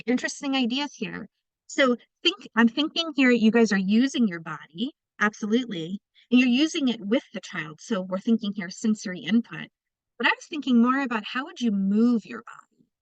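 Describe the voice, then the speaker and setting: A woman's voice: a little high, no echo, lo-fi sound. A woman presenting an online training session, speaking conversationally and addressing participants directly. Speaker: presenter of a teacher training webinar.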